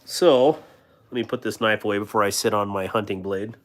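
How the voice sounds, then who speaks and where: A man's voice: lowish voice, fairly quick. Joking, rambling man on a live stream. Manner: reads viewer comments aloud and riffs on them with frequent laughter. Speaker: livestream host of a knife channel. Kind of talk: casual live-stream chat.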